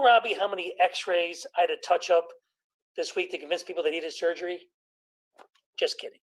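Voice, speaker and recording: Middle-aged man, stand-up comic bit, deadpan punchlines, slips into quick character voices. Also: high-pitched, low-quality recording. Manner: deadpan joke delivery with put-on patient voices. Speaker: comedian doctor. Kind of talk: stand-up comedy routine.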